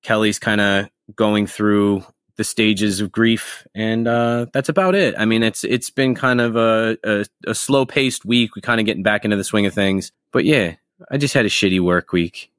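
Casting: low-voiced male co-host, relaxed and rambling, dry close sound. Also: moderate pace, smooth, no room sound. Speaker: podcast co-host. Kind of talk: casual podcast chat.

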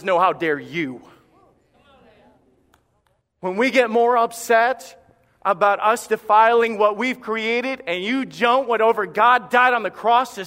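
Male pastor mid-sermon, bright and forceful delivery, dramatic pauses, reverberant sanctuary. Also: high-pitched. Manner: impassioned, emphatic preaching with dramatic pauses. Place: church sanctuary. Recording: long reverb of a church hall.

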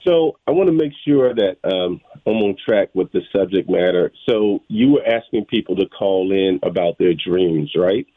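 A man's voice: low voice, animated, moderate pace, few pauses. A man calling in to a radio show, checking that he is on the right topic. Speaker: caller. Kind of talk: phone-in call. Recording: tinny phone line.

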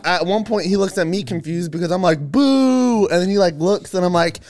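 A man's voice: sits high, fairly even intonation, quick pace, darkish tone. A man in casual chat, chiming in with agreement and laughter and adding details to a shared story.

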